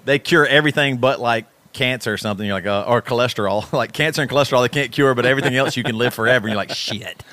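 Bright, lively man on a podcast. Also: medium pitch, racing, few pauses, dry recording. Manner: animated, joking, swears freely. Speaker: podcast co-host. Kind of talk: casual chat.

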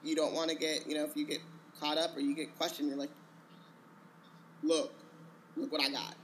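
A man chats in a loose, hesitant way, padding his thoughts with likes and ums. His voice is fairly high and bright and sharp. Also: flat delivery, moderate pace, slight background noise. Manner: rambling, hesitant, many filler words. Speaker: podcast co-host. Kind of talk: casual chat.

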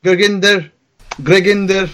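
A man's voice: sits high, flat delivery, a little slow, fairly bright tone. A man hosting a live podcast, wrapping up the show with casual, sweary thanks to his guests. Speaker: host.

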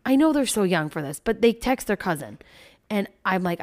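A woman co-hosting a casual podcast chat, an animated mother who tells stories and swears freely. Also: mid-range voice, normal speed.

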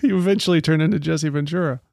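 A man's voice: on the high side, fast, creaky, a little mellow, no echo, clean studio sound. A man joining in jokey banter during a casual chat.

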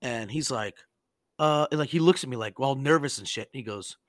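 A man hosting a podcast, telling stories in a casual, animated and profane way and acting out the people he quotes. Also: mid-range voice, brisk, no room sound. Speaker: podcast host. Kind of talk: casual storytelling chat.

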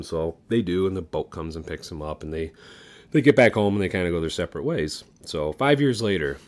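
A man's voice: sits low, a little fast. A man co-hosting a podcast, telling a long joke in a rambling, casual way with fillers and swearing. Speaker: podcast co-host.

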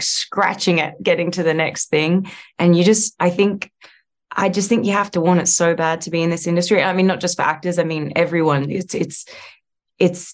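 An Australian actress in her thirties chatting in an interview, rambling with lots of fillers and restarts. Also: fairly low pitch. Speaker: actress guest. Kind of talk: casual interview chat.

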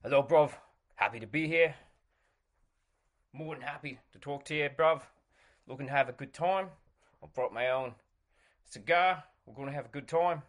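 A man's voice: a little high, moderate pace, long pauses, fairly bright tone, pitched below the performer's own voice, natural voice. A man doing a comedic impression of a boastful British alpha-male influencer who calls everyone bruv. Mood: swaggering.

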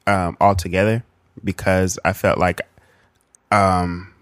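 Podcast co-host, man, low voice, dry close sound, rambling and reflective. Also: little pitch movement, takes it slowly, clear, resonant tone, no echo. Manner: reflective, rambling, many ums. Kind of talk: casual chat.

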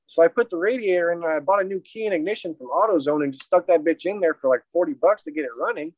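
A man casually retelling a personal story in a rambling, profane, animated way. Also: a little high, fast talker. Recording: dry, dull lo-fi audio.

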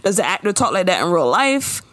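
A woman's voice: lowish voice, brisk, no room sound. A woman co-hosting a podcast, recapping a TV episode in blunt, profane casual chat. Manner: blunt, profane, animated storytelling.

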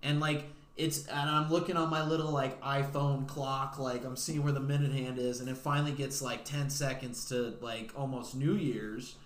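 A man's voice: mid-range voice, level tone, normal speed, few pauses. A young man co-hosting a podcast, telling a personal story in a rambling way, full of fillers and laughing through it. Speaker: podcast co-host. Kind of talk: casual storytelling. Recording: echoey room.

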